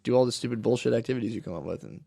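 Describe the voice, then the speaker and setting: A man co-hosting a podcast who talks quickly in a mid-range voice. He tells animated stories in casual chat, acting out quotes and dropping curses and "dude" freely. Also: mid-range voice, vocal fry, breathy edge. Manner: frequent swearing and "dude". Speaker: podcast co-host.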